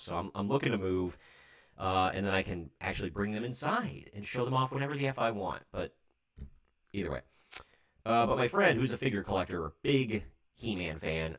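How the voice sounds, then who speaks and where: A deep-voiced man from Ohio, in his thirties, chatting loosely through a livestream. He wanders off on tangents and corrects himself as he goes, talking into a desk mic. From Ohio, United States. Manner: rambling, chatty, self-correcting. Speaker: livestream host. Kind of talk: casual livestream chat.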